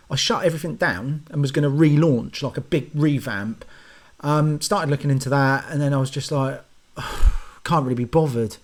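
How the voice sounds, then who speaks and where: A man's voice: on the high side, a little mellow. A man, rambling through a sarcastic, casual comic rant to camera and swearing freely. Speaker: YouTube ranter and host.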